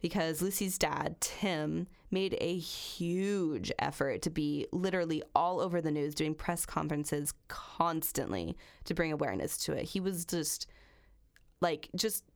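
A woman's voice: low-pitched, unhurried, vocal fry. A woman hosting a true crime podcast, reading a long passage aloud and then chatting casually, swearing freely. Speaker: podcast host.

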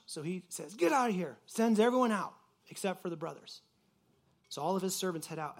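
High-voiced casual preacher man. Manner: casual and animated, acting out quoted voices; uses many fillers like "like". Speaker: pastor. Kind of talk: conversational sermon.

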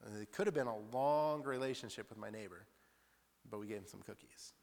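A man's voice: fairly low pitch, brisk, vocal fry, darkish tone. A male preacher giving a sermon in a chatty, storytelling way, often laughing and tossing in "like" asides. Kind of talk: sermon with personal stories. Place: church hall. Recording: long reverb in church hall.

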